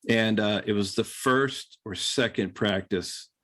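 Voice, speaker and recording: A man's voice: fairly low pitch, slow pace. A middle-aged man, a podcast guest and former quarterback, telling stories in a casual interview and acting out other people's voices. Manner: animated storyteller acting out quoted voices.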